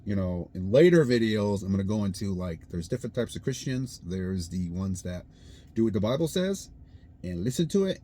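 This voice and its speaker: A man's voice: on the low side, warm tone. A man talking casually to camera about his faith, explaining things plainly and often checking in with "all right?". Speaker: vlogger.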